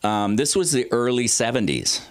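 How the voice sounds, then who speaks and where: A comedy teacher in his sixties does stand-up storytelling at an open mic, rambling loosely with salty language and plenty of filler words. His sing-song delivery moves at normal speed, and he swings his pitch widely for comic effect. There's no echo.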